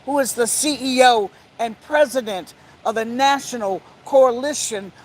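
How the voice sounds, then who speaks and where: A woman who founded an advocacy group, opening a press conference with a rallying speech that slows down for emphasis. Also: on the high side, a little hiss or hum, rough recording.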